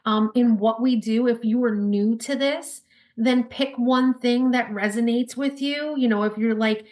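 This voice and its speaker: Upbeat, fast-talking woman with a New York accent, higher voice; podcast guest. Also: fairly even intonation, darkish tone. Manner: quick, upbeat, bubbly, with laughs. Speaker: podcast guest, spirit baby intuitive. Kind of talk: casual interview chat.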